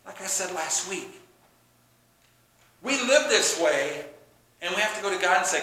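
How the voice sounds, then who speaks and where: A man delivers a sermon as pastor, animated and acting out the people he quotes. His voice sits high and rings bright and sharp. The sound carries with heavy echo, as if from a big church hall. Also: a little slow, long pauses.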